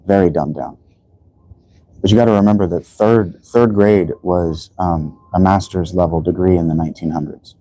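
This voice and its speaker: A man's voice: low-pitched, normal speed, mellow, no room sound, rough recording. A man from the United States hosting a livestream, lecturing in a rambling way with many restarts and fillers. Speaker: livestream host. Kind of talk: casual livestream monologue.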